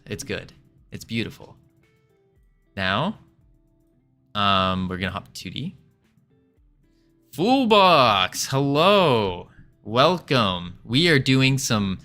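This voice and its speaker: Playful male streamer, lively pitch, slow easy pace. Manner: playful, joking, chatty. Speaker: streamer and game developer. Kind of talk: casual livestream chat.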